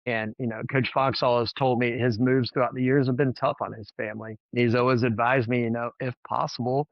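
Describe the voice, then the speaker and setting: A man's voice: medium pitch, level tone, fairly quick, no room sound, highs cut off. A man, a former college baseball head coach, telling stories in a podcast interview in an earnest, emotional way, often repeating words as he goes.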